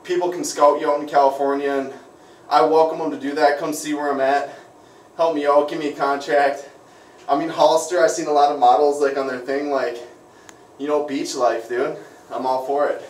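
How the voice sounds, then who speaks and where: A man's voice: a little high, little pitch movement, normal speed, distant mic, slight background noise. Chatty young Minnesotan guy. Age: young adult. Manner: upbeat, chatty, lots of "like" and "you know". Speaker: vlogger. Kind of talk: casual selfie vlog. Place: bathroom with shower. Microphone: phone or tablet camera. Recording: echoey room, voice off-mic.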